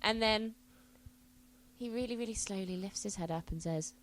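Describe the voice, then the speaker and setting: A woman's voice: mid-range voice, moderate pace, long pauses, a little hiss or hum. A young woman, a guest on a casual podcast, telling stories animatedly and swearing now and then. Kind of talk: casual chat.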